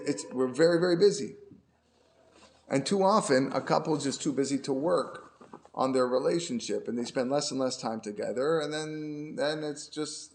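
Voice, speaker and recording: A man's voice: medium pitch, darkish tone, slight background noise. A man who is a rabbi, giving a conversational lecture class and often repeating his words as he explains. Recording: roomy echo.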